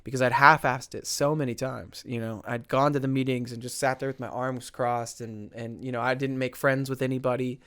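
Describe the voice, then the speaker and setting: Earnest young man, smooth dry voice. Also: mid-range voice, steady tone, fairly bright tone, no echo. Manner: earnest, halting, many restarts and repeated words. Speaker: podcast guest. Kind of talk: candid recovery story.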